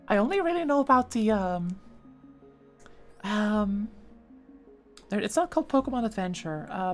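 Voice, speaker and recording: Chatty woman streamer with faint music. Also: mid-range voice. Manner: chatty, reads chat aloud, many fillers and restarts. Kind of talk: casual live-stream chat. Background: faint background music.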